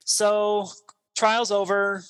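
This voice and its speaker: A man's voice: high voice, little pitch movement, very slow, fairly bright tone, smooth. A man in his thirties co-hosting a podcast, recapping a film in casual chat and acting out the characters' lines. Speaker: podcast co-host.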